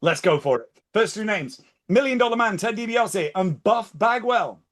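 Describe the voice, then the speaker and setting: A man hosting a quick-fire quiz segment on a podcast in a punchy, playful way. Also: sits high, lively intonation, a bit bright. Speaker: segment host.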